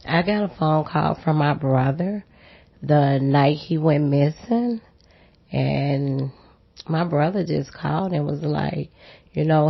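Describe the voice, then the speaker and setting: A middle-aged woman speaks slowly and deliberately. Her voice is low and gravelly with a husky edge. The sound is dull and lo-fi. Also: no room sound. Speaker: interviewee, mother of the missing man.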